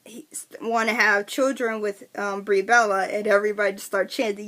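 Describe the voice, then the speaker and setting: A woman giving a chatty, excitable wrestling recap to her viewers, full of restarts and fillers. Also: a little high, moderate pace. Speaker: wrestling vlogger. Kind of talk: casual recap vlog.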